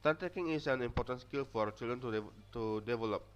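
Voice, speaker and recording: Reading a student presentation from his notes at a quick pace, a young man frequently stumbles and restarts. He has a medium-pitched voice and an Indonesian accent, Indonesian being his first language. Recorded in dull, lo-fi sound.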